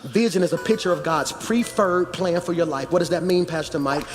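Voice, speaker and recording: This sermon comes from a high-pitched male pastor whose words echo through a large church hall, music underneath. His brisk delivery begins like conversation and rises to shouts.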